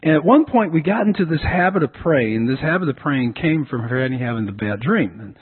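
Pastor guy preaching, kinda raspy voice, repeats himself a lot, sounds like a phone recording. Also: fairly high pitch, lively intonation, a little fast, phone-quality sound. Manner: storytelling, repeats words as he restarts. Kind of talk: sermon.

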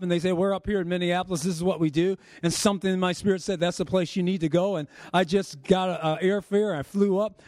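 Fervent male preacher, high voice, dry close sound, builds to shouts. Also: no echo. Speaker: pastor. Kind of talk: sermon.

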